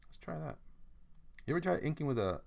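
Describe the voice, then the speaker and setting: A man streaming himself drawing, chatting casually and exclaiming to viewers in an animated way. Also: on the high side, a little fast, creaky. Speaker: artist streaming his drawing. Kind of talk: casual live-stream chat.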